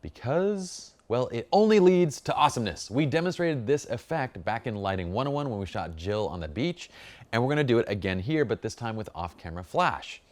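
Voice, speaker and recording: Lively, joking photography teacher, a man. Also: mid-range voice, brisk. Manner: upbeat, jokey, enthusiastic. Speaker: photography instructor. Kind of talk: workshop lesson.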